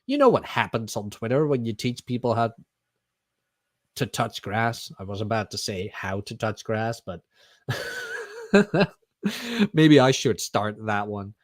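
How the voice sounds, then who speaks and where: A man's voice: on the low side, wildly swooping pitch, slow pace, long pauses, no echo, clean studio sound. A man who hosts a casual livestream and rambles chattily and jokingly to his viewers. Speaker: streamer, channel host.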